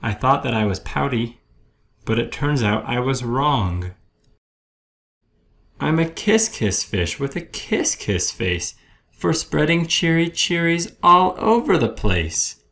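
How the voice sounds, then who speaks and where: Mopey storybook fish, gravelly and slow, sing-song rhymes, as a dad reads him. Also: male voice, medium pitch, sing-song, fairly bright tone, full character voice. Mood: cheery. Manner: sing-song rhyming, drawn-out blubs. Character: glum grumpy male pout-pout fish.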